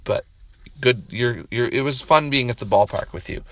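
A man doing profane, boastful mock trash talk to the camera, rambling with restarts and turning excitable when he talks to his dog. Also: lowish voice, moderate pace.

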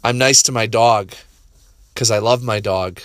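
A man doing profane, boastful mock trash talk to the camera, rambling with restarts and turning excitable when he talks to his dog. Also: lowish voice, measured pace, background noise.

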